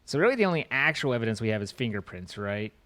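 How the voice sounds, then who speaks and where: A man's voice: mid-range voice, very animated, fast, fairly bright tone. A man co-op gaming on stream, explaining game mechanics in loose casual chat with dry jokes. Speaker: co-op game partner.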